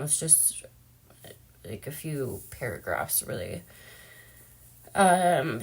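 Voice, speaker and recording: A young woman talking casually and emotionally in a personal vlog, chatty and full of fillers. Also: lowish voice. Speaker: vlogger.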